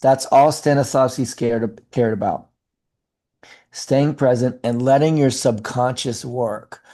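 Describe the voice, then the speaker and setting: A middle-aged man who acts and coaches actors speaks in a casual interview. His timbre is mellow and low-key, yet his delivery is animated and fast, with many fillers and restarts.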